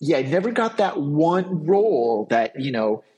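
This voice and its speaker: A man's voice: on the high side, sing-song, a little slow, dark tone, muffled recording. A man co-hosting a podcast, telling trivia in enthusiastic casual chat. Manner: enthusiastic storytelling with fillers. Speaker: podcast co-host.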